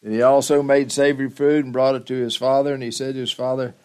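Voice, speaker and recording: A man's voice: medium pitch, flat delivery, fast talker, few pauses, a little mellow, smooth. A male pastor preaching a sermon, retelling scripture in a dramatic storytelling manner with rising emphasis.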